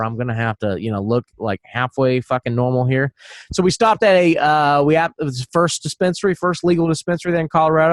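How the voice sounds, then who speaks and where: A man with a fairly high speaking voice rambles through a story on a podcast, swearing freely and laughing often. The sound is dry and close to the mic, with no room around it. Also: dry recording. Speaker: podcast co-host. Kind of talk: casual podcast chat.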